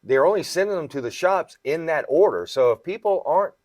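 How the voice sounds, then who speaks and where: A man's voice: on the high side, expressive, brisk, darkish tone, no echo, studio quality. A man hosting a podcast as a comic shop retailer, explaining things at length in casual chat and often checking in with "right?".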